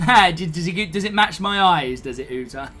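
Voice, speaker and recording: A live streamer, chatting casually, excitable and flustered, laughing often. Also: medium pitch, normal speed, faint music behind.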